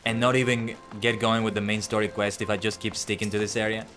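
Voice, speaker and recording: A man's voice: fairly low pitch, flat delivery, quick pace, fairly bright tone, soft background music. A man streaming himself playing a game, chatting casually and rambling in a self-deprecating way. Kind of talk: casual gameplay commentary.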